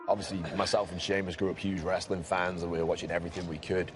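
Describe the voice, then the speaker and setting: A man hosting a casual chat, steering the talk with quick, dry asides. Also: deep voice, little pitch movement, loud music behind the voice.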